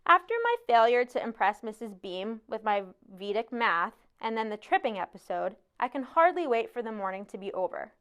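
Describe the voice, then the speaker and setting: A woman reading a novel aloud in a measured first-person narration. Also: on the high side, sing-song, fairly bright tone, clear, resonant tone. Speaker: audiobook narrator. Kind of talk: scripted narration.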